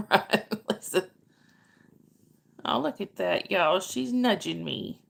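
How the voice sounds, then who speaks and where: This middle-aged woman's voice is on the high side, gravelly and a bit bright. During her casual livestream she's chatty, saying hello to viewers by name and fielding their questions from chat.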